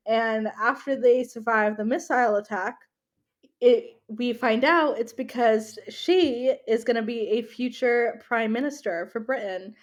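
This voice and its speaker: A woman's voice: a little high, a little slow. A woman from the United States co-hosting a podcast in casual chat, talking freely with lots of "like" and frequent laughter. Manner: chatty, laughs often, uses "like" a lot. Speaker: podcast co-host.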